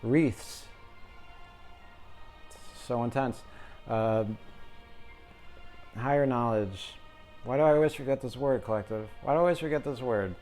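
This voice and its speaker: A man's voice: medium pitch, unhurried, pauses often, darkish tone. A man giving a casual, jokey tarot reading, talking to his viewers as the collective. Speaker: tarot reader. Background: music.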